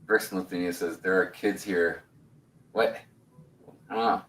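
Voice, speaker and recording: A man in his forties chats loosely on a livestream, rambling and laughing easily as he reads out comments. His fairly low voice sounds roomy and set back from the mic. Faint room noise hums behind him. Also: steady tone, moderate pace, fairly bright tone, distant mic. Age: 40s. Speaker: host of a building livestream. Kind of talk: casual livestream chat.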